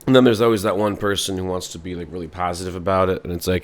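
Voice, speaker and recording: A man's voice: low voice, fairly even intonation, rapid-fire. A man hosting a podcast in a rambling, sardonic comic monologue full of fillers. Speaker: podcast host.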